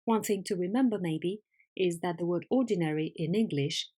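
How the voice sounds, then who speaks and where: Female English teacher, Spanish native speaker, slightly low voice, patient and clear, recorded lesson. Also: normal speed. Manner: patient, clear, lively questioning.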